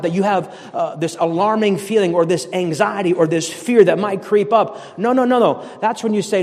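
Pastor from the area, male, high-pitched, fervent and chatty, heard with long reverb. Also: brisk, few pauses, a little mellow. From Boston area, USA. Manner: fervent, conversational preaching with repeated emphatic commands. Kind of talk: sermon.

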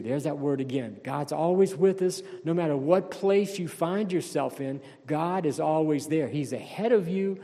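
A man's voice: on the high side, moderate pace, hardly any pauses, warm tone, in a large hall. A man preaching a sermon as pastor, emphatic and questioning the congregation.

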